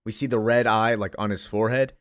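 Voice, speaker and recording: Excited man gushing over a comic. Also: on the low side, fast talker, clear, resonant tone, no room sound, clean studio sound. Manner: excited, gushing, reads character lines with slight voices. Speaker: comic book reviewer. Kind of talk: enthusiastic comic recap.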